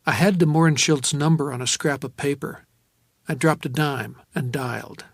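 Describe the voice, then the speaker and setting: A man narrating a first-person audiobook, measured and wry. His voice sits a bit high for a man. The recording is dry and close, with no room sound. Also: gravelly, no room sound. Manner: measured, wry, low-key.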